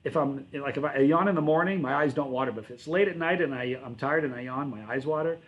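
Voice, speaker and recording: A man hosting a relaxed livestream, answering his viewers' chat in a loose, rambling way. His voice sits at an ordinary middle pitch. He often stops and corrects himself mid-sentence. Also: fast talker, highs cut off. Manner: rambling, self-correcting, friendly. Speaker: channel host reading live chat.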